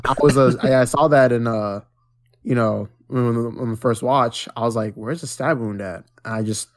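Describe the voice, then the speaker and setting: A man's voice: mid-range voice, fairly even intonation, normal speed. A man co-hosting a casual podcast, laid-back, stammering at the start of thoughts and swearing casually. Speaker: podcast co-host. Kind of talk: casual movie review chat.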